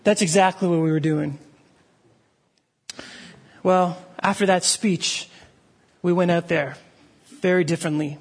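A man preaching a sermon, telling a story with many restarts and fillers, and dropping to a low, quiet voice for emphasis. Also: steady tone, unhurried, pauses often. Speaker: pastor.

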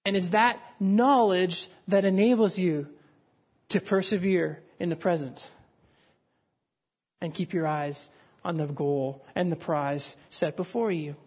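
A man's voice: high-pitched, slow pace, a little mellow, breathy edge. A man preaching a sermon, telling a story with dramatic rises and falls. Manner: dramatic storytelling, voices raised for the crowd.

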